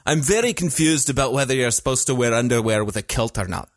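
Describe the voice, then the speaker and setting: Regular guy chatting on a podcast, mid pitch, laughs a lot, lots of uhs. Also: animated, quick pace, no echo, studio quality. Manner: chatty, laughs often, hesitant fillers. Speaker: podcast co-host. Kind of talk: casual chat.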